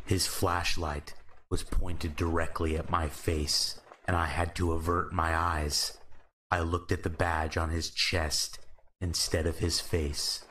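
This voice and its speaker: A man narrating horror stories in a slow, measured, calm scripted style. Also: low-pitched, a little hiss or hum.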